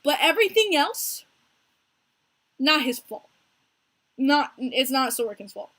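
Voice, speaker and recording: A young American woman hosting a casual hockey podcast stream, talking in an animated, chatty way and answering viewers by name. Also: high-pitched, measured pace. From United States. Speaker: podcast host streaming live with chat.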